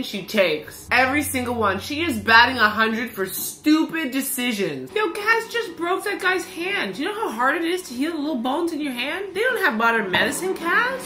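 A woman vlogging her reactions to a TV series, talking back at the screen in an animated, exclamatory way. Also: high voice, moderate pace, few pauses. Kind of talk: casual reaction commentary.

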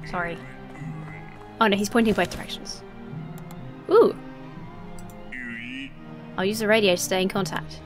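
A woman's voice: mid-range voice, gravelly. A young woman casually commenting on a game she plays, wry and sweary, reading the game text aloud and trying on accents. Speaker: streamer playing a game. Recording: game music behind.

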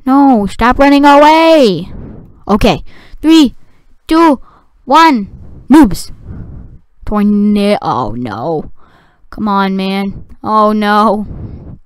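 A woman giving excitable gameplay commentary, talking to the game and shouting at it. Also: mid-range voice, extremely slow, long pauses, clear, resonant tone, no echo. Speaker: gaming video creator.

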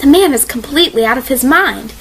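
A woman voicing a worried, cautious young female friend who speaks in hushed tones. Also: high voice, expressive, brisk, a little hiss or hum, low-quality recording.

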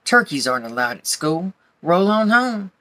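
A woman doing an excited little schoolgirl. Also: fairly low pitch, normal speed, no echo. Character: lively young schoolgirl.

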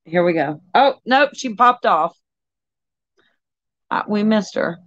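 A woman's voice: medium pitch, expressive, slow, fairly bright tone, dry recording. A woman hosting a casual livestream chat, talking with viewers and easily sidetracked. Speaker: livestream host. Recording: dull lo-fi audio.

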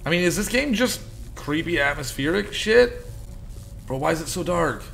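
Streamer, male, high and animated voice, cursing, frightened gameplay reactions, game music underneath. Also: moderate pace, gravelly, a little hiss or hum. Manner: panicked swearing, screams and repeated exclamations. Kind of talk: live horror game commentary.

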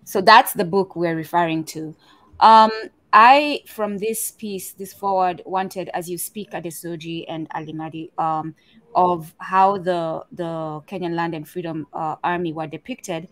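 A woman's voice: on the low side, fairly even intonation, measured pace. A woman co-hosting a panel discussion, conversational and searching for words as she reads from notes. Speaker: co-host.

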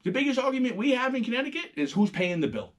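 A middle-aged man, hosting a casual, profane and animated monologue. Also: extremely high pitch, fast. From New York. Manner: animated, profane storytelling, acting out quoted voices. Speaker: host.

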